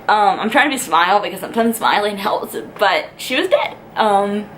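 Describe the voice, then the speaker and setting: A young woman with a drawl tells a story straight to camera in a vlog. She rambles, with plenty of "like" and "um". Her voice sits at an ordinary middle pitch, with a faint hiss underneath. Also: expressive, normal speed, fairly bright tone, low-quality recording. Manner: chatty and rambling, lots of "like" and "um". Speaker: vlogger.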